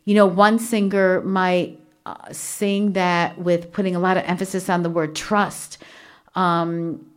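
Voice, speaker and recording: A woman's voice: fairly low pitch, flat delivery, unhurried. A woman hosting a solo devotional podcast from a small home studio, talking earnestly and chattily with many fillers. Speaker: podcast host. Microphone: studio microphone with earphones.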